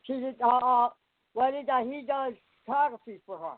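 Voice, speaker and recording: A man in his fifties calling in to a radio show, talking in a halting way that trips over his words. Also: very high voice, dry recording. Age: 50s. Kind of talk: casual radio banter. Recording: tinny phone-like line with faint music.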